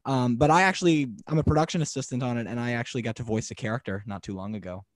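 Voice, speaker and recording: A man's voice: mid-range voice, very fast, no room sound. A young man hosting a podcast, chatting casually and hesitantly with many ums and restarts. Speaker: podcast host. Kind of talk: casual chat.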